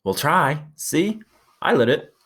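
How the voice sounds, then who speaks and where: A fretful, bespectacled schoolboy whose voice climbs high and shrill when he pleads, as a man reads him aloud. He stays fussy and anxious and keeps reasoning and begging in a thin, raised tone. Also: sing-song, slow, a bit bright, husky, exaggerated voice. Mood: stubborn, eager. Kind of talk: reading a novel aloud with voices.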